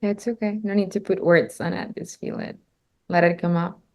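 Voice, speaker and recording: A woman's voice: lowish voice, moderate pace. A woman coaching a client through an emotional session, encouraging her, laughing often and swearing casually.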